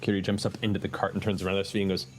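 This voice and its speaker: A man running a tabletop game as game master, narrating with quick shifts into character voices. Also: sits low, level tone, very noisy.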